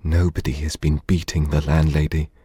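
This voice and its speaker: A man's voice: fairly low pitch, sing-song, normal speed, breathy edge, no room sound, clean studio sound, voice pushed up, exaggerated voice. A man doing a blunt servant woman. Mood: firm. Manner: blunt, then hushed.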